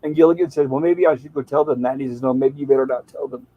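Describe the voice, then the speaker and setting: Talking very fast in a steady, medium-pitched voice, a man hosts a casual show and retells an old TV episode, reading its lines in a loose, chatty recap. The recording is muffled, with no room sound.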